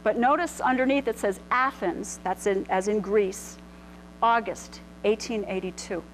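This is a low-quality recording with a little background noise: a middle-aged woman, mid-range in pitch and measured in pace, presenting clothing history live in a lecture room. Her informal illustrated talk is chatty, peppered with ums and restarts.

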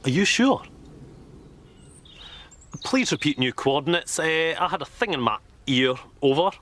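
A cocky Scottish squaddie. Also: male voice, a little high, lively intonation, unhurried, fairly bright tone. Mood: radio chatter. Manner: cocky, chatty and playful. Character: cocky daft young male army tank soldier. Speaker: comedy character, a young soldier. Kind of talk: sitcom acting.

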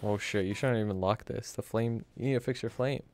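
A man's voice: fairly low pitch, a little fast, darkish tone. A man in casual gaming chat, blunt and teasing, swearing freely as he ribs his friend.

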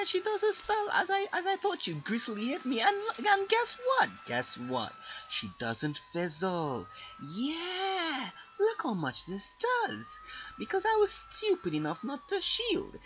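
A young man giving excitable, ranting commentary over his gameplay. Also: a little slow, highs cut off. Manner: excitable ranting with big pitch swings. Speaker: gaming video creator. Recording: noisy background.

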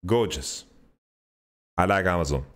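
A man hosting a podcast, telling a rambling story in an animated, sweary way and playing out his own thoughts. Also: a little slow. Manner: animated storytelling, swears freely, mimics himself with pitch jumps. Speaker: podcast host. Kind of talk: casual rambling monologue.

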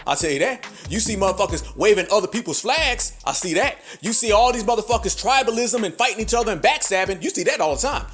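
A podcast host with a strikingly high, slightly bright voice launches into a fiery, preachy monologue, firing off rhetorical questions laced with profane slang. He talks animatedly at a quick clip, barely pausing, while faint music plays beneath him.

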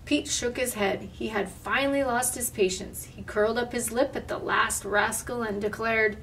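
A woman reading a picture book aloud in a lively, expressive way, adding little asides. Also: a little high, moderate pace, hardly any pauses. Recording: distant mic, faint room noise.

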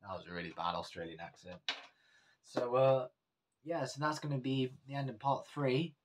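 A man's voice: medium pitch, normal speed. A man casually vlogging about his jewellery, rambling with many fillers and self-corrections.

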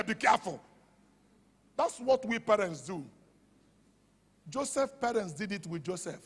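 A man preaching a sermon in Nigerian English. He talks with fervour, shouts at the high points and drops to a hush for quoted asides. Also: husky. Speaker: pastor. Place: church hall. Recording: long hall reverb.

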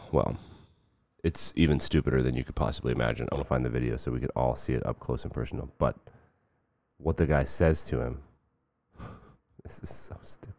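A man hosting casual sports commentary, sarcastic, jumping between loud bursts and low muttering. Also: moderate pace, vocal fry, pauses often, no echo, clean studio sound.

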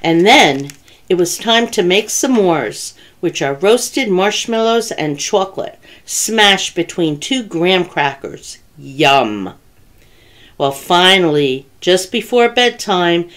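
A children's librarian with a voice on the low side reads a picture book aloud. Her storytelling is gentle and expressive.

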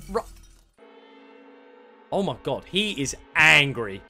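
Excitable man doing game commentary. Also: on the high side, measured pace, over music. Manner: excitable, swings from mutters to shouts and laughter. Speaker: gaming YouTuber. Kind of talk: let's play commentary.

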